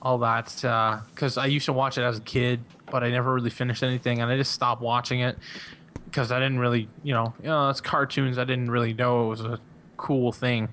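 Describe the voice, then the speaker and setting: A man's voice: medium pitch, flat delivery, a little fast, fairly bright tone, slight background noise. A young man, a podcast guest, chatting casually, rambling with lots of fillers and laughing often. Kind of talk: casual chat.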